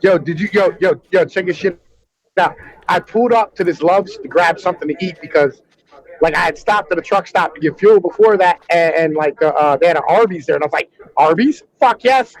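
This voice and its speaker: High-pitched trucker guy, animated crude storyteller, lots of "yo", casual panel chat. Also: a little fast, rough recording. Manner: animated, peppers talk with "yo".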